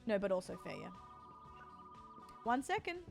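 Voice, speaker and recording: A woman's voice: medium pitch, wildly swooping pitch, normal speed, creaky, faint music behind. An Australian woman in her forties, streaming and chatting casually with her viewers, teasing and joking as she answers chat. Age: 40s.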